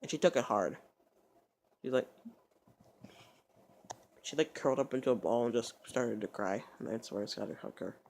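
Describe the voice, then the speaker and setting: A man's voice: mid-range voice, normal speed, vocal fry, pauses often, darkish tone. A man vlogging, telling a story in a loose, rambling way full of cursing and stumbling restarts.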